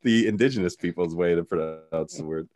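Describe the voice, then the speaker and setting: A man's voice: low voice, brisk, a little mellow. A man co-hosting a podcast in casual chat, rambling with many restarts and fillers. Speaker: podcast co-host.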